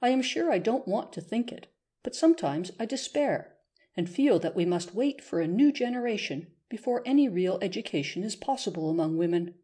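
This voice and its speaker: Woman reader voicing earnest noblewoman, sighing, serious, mellow, husky. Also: mid-range voice, animated, a little fast. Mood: weary.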